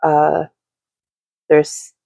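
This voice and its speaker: A woman talks through an intuitive reading in a loose, rambling way, full of fillers and offhand swearing. Her voice has a warm, mellow tone with a gravelly edge. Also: low voice, completely flat delivery, extremely slow, no echo, low-quality recording. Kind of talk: casual spoken reading to camera.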